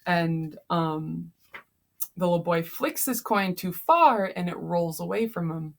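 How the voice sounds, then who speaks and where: Tired, gravelly woman teacher. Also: on the low side, animated, slow. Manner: chatty, frequent fillers. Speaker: teacher summarizing a novel. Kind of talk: casual lesson summary.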